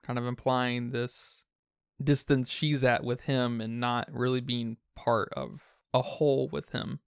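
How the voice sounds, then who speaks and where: Measured man podcaster, smooth dry voice. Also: mid-range voice, little pitch movement, no echo. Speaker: podcast co-host. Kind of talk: casual film discussion.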